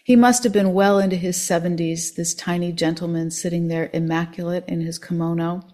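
A woman reading a first-person story aloud in an expressive, measured way. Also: on the low side.

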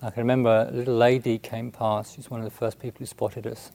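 A man, a Buddhist monk, telling a story in a halting, unhurried way with many restarts and fillers. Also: medium pitch, flat delivery, gravelly, warm tone. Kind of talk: storytelling talk.

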